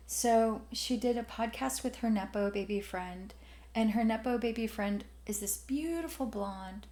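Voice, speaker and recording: A woman's voice: fairly high pitch, a little mellow. Southern woman podcast host, wry and joking, echoey room. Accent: Southern American. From Alabama, US. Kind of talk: casual podcast chat.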